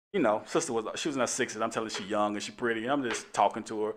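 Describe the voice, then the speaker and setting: A man's voice: medium pitch, big pitch swings, quick pace. A middle-aged man, a police officer hosting a talk show, telling a casual story in a laid-back way and laughing often.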